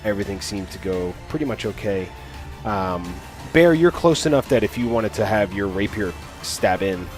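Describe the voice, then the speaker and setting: A man's voice: fairly low pitch, animated, moderate pace, faint music behind. A man acting as game master, narrating a tabletop game in a loose, rambling, playful way.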